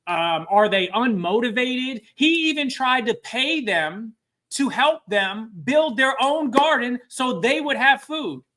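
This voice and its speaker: Man, high voice, bright and forceful, webinar trainer, engaging, keeps asking the audience questions. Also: expressive, slow. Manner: engaging, quizzes the audience often. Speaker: workforce training webinar presenter. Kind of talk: live webinar talk with storytelling.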